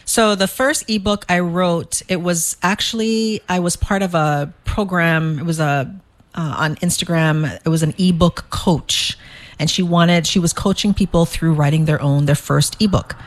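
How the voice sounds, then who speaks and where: A woman from St. Croix, an author being interviewed, talking in a quick, animated way with frequent restarts. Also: fairly low pitch. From St. Croix, US Virgin Islands. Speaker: author and guest. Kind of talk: casual interview chat.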